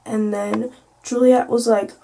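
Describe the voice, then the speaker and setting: A woman's voice: on the high side, level tone, takes it slowly, vocal fry, dark tone. A teenage girl telling a casual storytime vlog, chatty and full of "like" and "you know". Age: teens. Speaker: vlogger.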